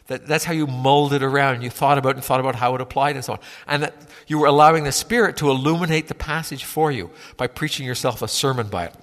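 A man's voice: mid-range voice, fairly bright tone. Man, pastor, sermon, informal and stumbling, repeats words, echoing hall. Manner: conversational, halting with many repeated words.

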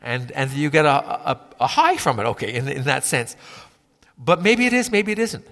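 A man preaching a sermon in a conversational, halting way, often repeating words as he gathers his thoughts. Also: mid-range voice, very animated, a bit bright, in a large hall. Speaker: pastor.

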